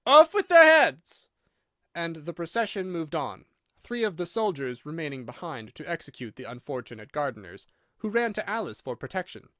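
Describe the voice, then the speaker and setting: A man reading a classic storybook aloud as an expressive audiobook narrator. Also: a little high, a little fast, no room sound, clean studio sound. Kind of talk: scripted narration.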